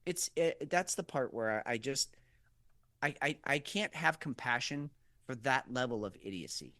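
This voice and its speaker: A man co-hosting a podcast in casual political chat, animated and profane, acting out quoted voices. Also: mid-range voice, normal speed, no echo, clean studio sound. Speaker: podcast co-host.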